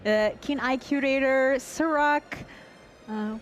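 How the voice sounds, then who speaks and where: A woman's voice: high voice, slow, faint music behind. A woman co-commentating a card game match in a chatty, playful way, narrating the plays. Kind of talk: live esports commentary. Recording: faint background noise.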